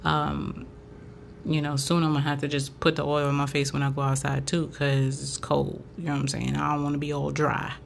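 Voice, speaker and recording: Haitian-born woman just chatting, lowish gravelly voice, faint hiss behind. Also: little pitch movement, brisk. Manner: chatty, loose, full of fillers. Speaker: podcast host and braider. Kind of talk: casual chat.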